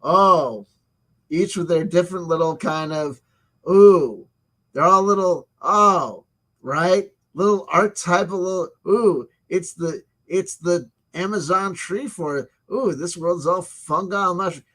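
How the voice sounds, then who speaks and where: A man's voice: high voice, slow, a bit bright. A man hosting a casual review of a tabletop game supplement. He reads passages aloud and breaks off into sarcastic, profane asides.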